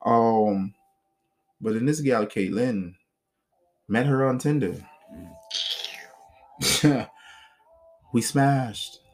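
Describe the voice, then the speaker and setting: Man, casual storytelling, blunt, profane, animated mimicry, mid-pitched voice. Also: extremely slow, pauses often, soft background music. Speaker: self-help vlogger.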